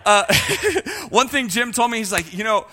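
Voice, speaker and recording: A man's voice: very high-pitched, measured pace, big-room sound. A man preaching a sermon, joking with his congregation and talking to them directly. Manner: jokey, animated, talks to the congregation. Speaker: pastor.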